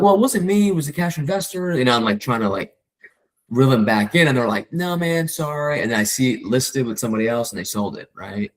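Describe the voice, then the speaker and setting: A man's voice: fairly low pitch, slightly rough, poor audio. A man, a real estate agent, casually coaching a colleague and acting out his calls with clients. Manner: fast, animated, acts out client calls in quoted voices.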